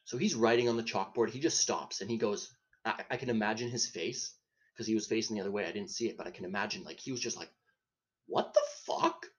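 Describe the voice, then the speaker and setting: A podcast host tells a comedic story in a rambling, profane way, often cutting himself off and laughing at his own tale. His voice is fairly low, and he speaks at a quick pace.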